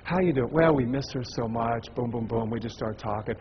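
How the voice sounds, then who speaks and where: A man telling stories in a sermon to a church audience, acting out the people he talks to in an animated way. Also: medium pitch, fairly quick, lo-fi sound, slight background noise. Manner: animated, acts out dialogue. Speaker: evangelist speaker.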